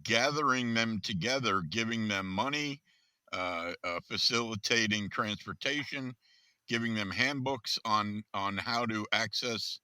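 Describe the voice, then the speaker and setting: A man's voice: fairly low pitch, measured pace, bright, forceful tone, clear, resonant tone, no room sound. A man co-hosting a casual podcast, speaking in a grave, emphatic, gloomy way. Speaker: podcast co-host. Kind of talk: casual political chat.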